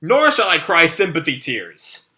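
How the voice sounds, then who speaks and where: A man reads the part of a proud, haughty young swordswoman. She sounds scornful of every trick used on her. The voice is bright and a little high. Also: huge pitch swings, unhurried, exaggerated voice.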